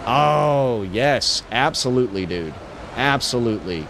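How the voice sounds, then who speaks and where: A man's voice: mid-range voice, animated, a little slow. Laid-back male streamer, slangy and profane, over a faint noisy background. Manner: laid-back, swearing, lots of "bro" and "dude". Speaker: livestreamer. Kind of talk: casual chat while gaming.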